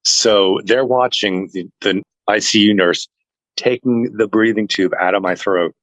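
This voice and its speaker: A man telling a personal story to an interviewer in a casual chat, earnest and animated, acting out what others said. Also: fairly low pitch, measured pace, no echo, dull audio. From family heritage is Norwegian. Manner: earnest, animated retelling that acts out other people's lines. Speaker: interview guest.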